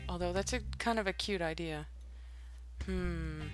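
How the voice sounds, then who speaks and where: A woman hosting a Minecraft let's-play chats casually while building, musing aloud with hesitant asides and giggles. Her voice is fairly low and a little slow, with faint music in the background.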